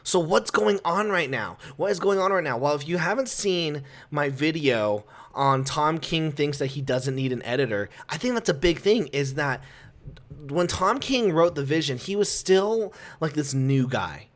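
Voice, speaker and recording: Young man, slightly high voice, exasperated comic reviewer, ranting casual commentary. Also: animated, normal speed.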